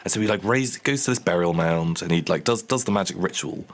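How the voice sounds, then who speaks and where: Deep-voiced man rambling through a story. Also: fast. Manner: rambling storyteller, many fillers. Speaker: let's play co-host. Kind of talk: casual gaming chat.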